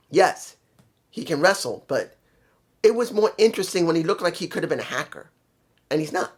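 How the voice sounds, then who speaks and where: A man talking through a wrestling episode on his own, casual and opinionated. His voice sits a little high for a man, and he stops to hunt for words and restart his sentences as he goes. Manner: opinionated, thinking aloud with fillers and restarts. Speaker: wrestling show reviewer. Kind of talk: casual solo commentary.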